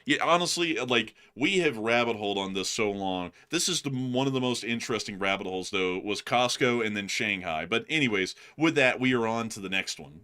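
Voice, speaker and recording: A man's voice: lowish voice, expressive, a little fast, hardly any pauses, sharp tone, smooth. A male co-host chatting casually on a livestream, laughing often and thanking supporters.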